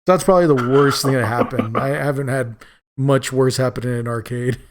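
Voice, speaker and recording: Male co-host, mid-pitched, rambling anecdotal delivery, chuckles at himself. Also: steady tone, fairly quick, over a noisy crowd. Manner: rambling, self-amused storyteller. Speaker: podcast co-host. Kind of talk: casual chat.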